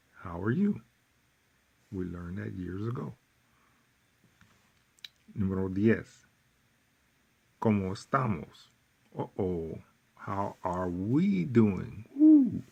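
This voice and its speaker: A man teaching a workbook lesson, repeating phrases slowly with folksy asides. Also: lowish voice, gravelly, breathy edge, dull audio. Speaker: Spanish teacher.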